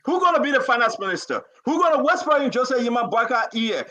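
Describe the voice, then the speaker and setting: High, bright-voiced man ranting. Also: very animated. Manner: fervent, rapid repetitions, pleading and scolding. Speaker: talk show host. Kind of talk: impassioned political commentary.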